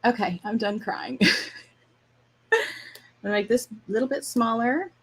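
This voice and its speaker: A fairly high, slightly rough female voice at normal speed belongs to the host of a laid-back livestream art class. She talks as she draws, laughing often with a warm, chatty manner, and addresses her dog now and then.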